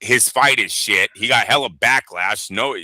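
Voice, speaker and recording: Bright, dry-voiced man telling stories. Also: on the low side, unhurried, dry recording. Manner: profane, rambling storyteller acting out quotes. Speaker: boxing show co-host. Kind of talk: casual podcast chat.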